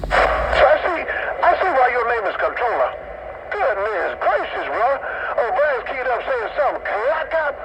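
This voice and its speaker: High-voiced man on static-filled CB radio. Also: big pitch swings, moderate pace. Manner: teasing, exclaiming, laughing. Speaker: CB radio operator. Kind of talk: CB radio chat.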